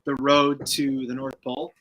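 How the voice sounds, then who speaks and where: A man co-hosting a toy podcast, with upbeat, quick casual banter. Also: mid-range voice, monotone, fairly bright tone, rough recording. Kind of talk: casual chat.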